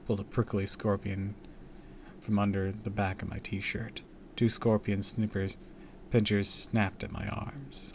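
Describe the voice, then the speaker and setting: A man's voice: lowish voice, a little hiss or hum. A man reading a horror story aloud on a stream, dramatic and dropping into whispers for suspense.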